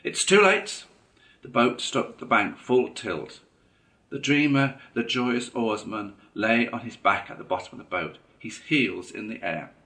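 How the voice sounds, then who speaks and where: A man reading a classic children's story aloud in a measured, expressive way. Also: on the low side. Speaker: narrator.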